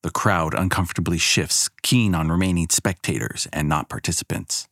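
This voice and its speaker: A man narrating a story in a wry, measured, expressive manner. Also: deep voice, creaky, slightly rough, no room sound, studio quality.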